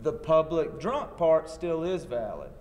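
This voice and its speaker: A man's voice: a little high, big pitch swings, measured pace, a little mellow, a little hiss or hum. A man, a lawyer teaching a training seminar in a wry, anecdotal way. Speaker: attorney and workshop instructor. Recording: long hall reverb.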